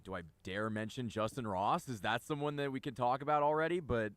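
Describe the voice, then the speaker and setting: A man's voice: mid-range voice, fairly quick, smooth, no room sound. A man working as a radio producer, chiming in tentatively with his opinions during casual sports talk.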